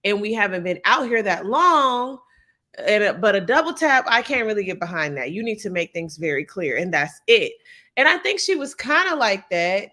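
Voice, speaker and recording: This reality show recap host is a young woman with a medium-pitched voice speaking at normal speed. In a casual live chat, she animatedly acts out what the cast said.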